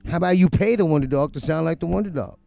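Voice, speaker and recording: A man's voice: a little high, fast talker, vocal fry. A middle-aged man hosting a music livestream from his home studio, ranting bluntly and profanely. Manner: blunt, profane, animated, mocks others in quoted voices. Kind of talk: casual live-stream rant.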